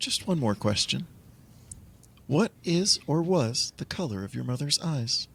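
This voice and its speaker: A man voicing a calm, mechanical intercom voice that politely and insistently runs a survey. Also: mid-range voice, measured pace, creaky, husky, pitched above the performer's own voice, exaggerated voice. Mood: calm coaxing.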